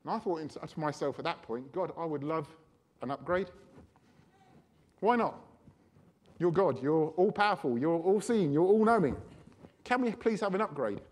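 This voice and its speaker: Man, preacher, anecdotal sermon, high-pitched voice, lively. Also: moderate pace, long pauses. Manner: anecdotal, animated, chatty storytelling. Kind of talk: sermon storytelling.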